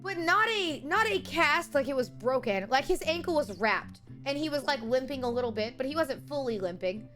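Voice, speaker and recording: Young female streamer, high-pitched, lively incredulous chatter with viewers, soft music underneath. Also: normal speed, few pauses. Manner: animated storytelling, incredulous rants. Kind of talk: casual chat with viewers.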